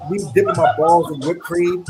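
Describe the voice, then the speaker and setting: A man hosting a comedy podcast, talking casually in a goofy, halting way and repeating himself. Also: high-pitched, fairly even intonation, music in the background. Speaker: podcast host.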